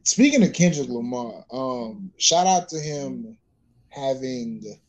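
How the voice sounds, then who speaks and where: A man's voice: medium pitch, big pitch swings, slow pace, rough recording. A man co-hosting a podcast, chatting casually with slang and frequent restarts as he works out his point. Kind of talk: casual chat.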